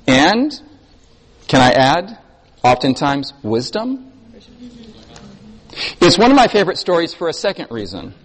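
A man preaching a sermon to a congregation, telling stories expressively and moving between emphatic and soft delivery. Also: a little high. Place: church hall. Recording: long hall reverb.

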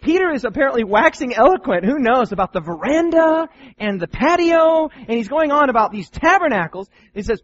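A man preaching a sermon in an animated, playful way, often asking his listeners questions. His voice sits high for a man and swings widely in pitch. The recording sounds slightly dull, with faint noise behind it. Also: a little fast. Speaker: preacher teaching Bible students.

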